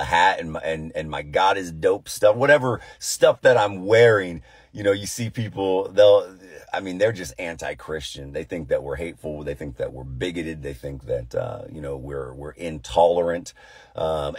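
A pastor praying and then talking casually about scripture, with a deep, tired voice and an earnest, conversational manner full of fillers and restarts. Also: male voice, animated, measured pace, slightly rough, no echo. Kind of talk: prayer and casual devotional talk.

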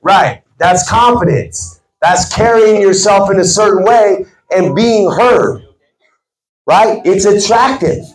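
Emphatic high-voiced man in echoey room. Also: takes it slowly. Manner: emphatic, stresses words, preacherly cadence. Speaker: sales team motivational speaker. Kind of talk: motivational team talk. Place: team meeting room.

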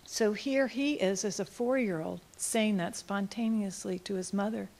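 A woman speaking at a conference in an auditorium, telling a case story and reading quotes with feeling, going soft and slow at the tender lines. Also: mid-range voice, gravelly.

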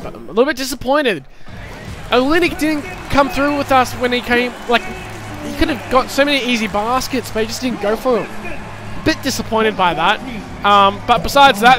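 A man commentating his own basketball video game, cheering plays loudly and chatting casually to viewers. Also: sits high. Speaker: gaming YouTuber. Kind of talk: live gameplay commentary.

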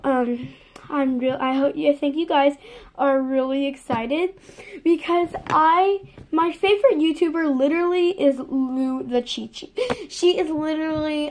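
A young woman filming a casual unboxing vlog, gushing and excitable, piling up "literally" and "so excited". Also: high voice, a little hiss or hum. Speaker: vlogger.

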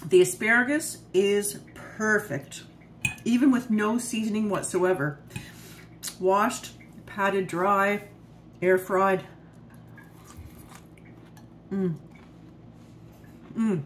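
A woman's voice: medium pitch, slow. A woman talks her viewers through a casual home-cooked dinner, chatting as she cooks and then eating on camera. She is pleased with her own cooking and sometimes talks with her mouth full. Faint kitchen noise sits behind her voice. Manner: chatty, self-praising, eats on camera while talking.

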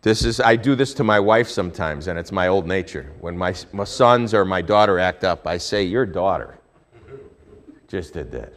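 A male pastor preaching a sermon, telling a Bible story with lively swings between hushed and loud delivery. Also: sits low, brisk, hardly any pauses.

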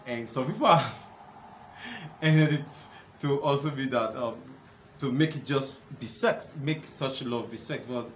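A man hosting a solo talk on relationships, earnest and conversational, often pausing with fillers. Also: medium pitch, animated. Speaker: host, counselor. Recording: echoey room with faint background noise.

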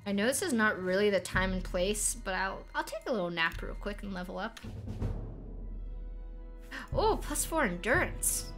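A young woman streamer from North America rambles over her gameplay with a bright, clear tone and easy giggles. She restarts sentences often and keeps the talk loose and conversational, with quiet music playing faintly underneath. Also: mid-range voice, expressive, moderate pace, long pauses. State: voice cracking. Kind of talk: casual gameplay commentary.

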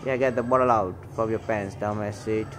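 Over music, a male store cashier narrates security footage with heated, indignant commentary, calling people names. His voice is lowish with fairly even intonation, and he talks a little fast.

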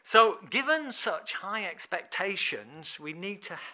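A man preaching an informal sermon in church, chatty and animated, laughing often. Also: high-pitched, slow pace. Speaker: lay preacher.

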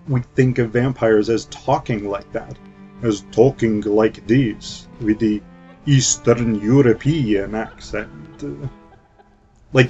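A man talks through an old film in a loose, flippant review, full of "um" and "like". The recording is dull and lo-fi, with faint music under him. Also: medium pitch. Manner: flippant, chatty, with many fillers. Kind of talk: casual film commentary.

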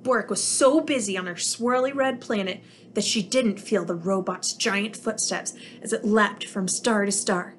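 A woman who teaches preschool, reading a picture book aloud to young children with expressive storytelling. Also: mid-range voice, unhurried, a little hiss or hum.

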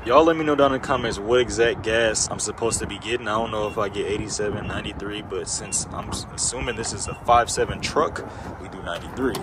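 A man's voice: fairly low pitch, quick pace. Slangy young man vlogging from a truck. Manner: slangy, profane, laid-back. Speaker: car vlogger. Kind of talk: casual vlog while driving. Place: in and around a pickup truck, outdoors. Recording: car and traffic noise behind.

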